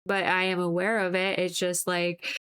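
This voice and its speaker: A woman's voice: fairly low pitch, little pitch movement, normal speed, a bit bright, clean tone. A woman chatting casually with her viewers on a live stream while she paints, rambling and breaking into giggles, with lots of "like" fillers.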